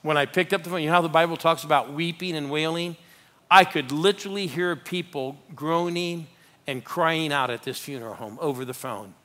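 An older man preaching a live sermon as a pastor, animated and rallying the congregation with call-outs. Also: on the high side.

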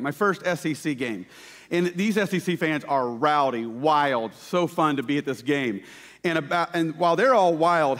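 A man preaching a sermon, telling stories with lively shouted quotes. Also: on the high side. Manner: animated storytelling with shouted quotes. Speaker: pastor. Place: church sanctuary. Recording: church hall reverb.

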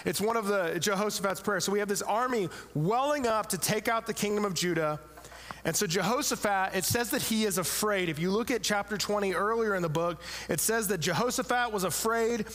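A man's voice: high-pitched, brisk, fairly bright tone. A male pastor preaching a sermon in a church, in a casual, joking way. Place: church sanctuary. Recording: long reverb of a large room.

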